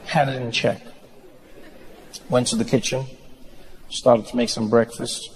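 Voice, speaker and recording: A man performing a stand-up routine on stage, telling a story with animated delivery and playful impressions. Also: medium pitch, unhurried, some chatter behind, a little hiss or hum. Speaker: stand-up comedian. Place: comedy stage before a live audience. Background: audience laughter.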